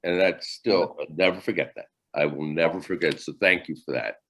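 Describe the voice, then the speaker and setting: An older man teaching a class over a video call, talking haltingly with many fillers and restarts. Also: a bass voice, a bit bright. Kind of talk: virtual class lecture.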